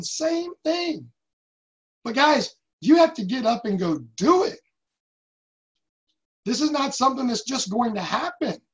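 Emphatic man, motivational talk. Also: very high voice. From United States. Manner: emphatic, storytelling with acted-out quotes. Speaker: sales team leader. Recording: dull lo-fi recording.

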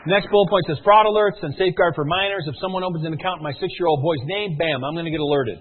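An energetic man giving a sales pitch with stories, who keeps checking in with his listeners. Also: fast talker, slight background noise. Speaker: sales presenter. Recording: narrow phone-like sound.

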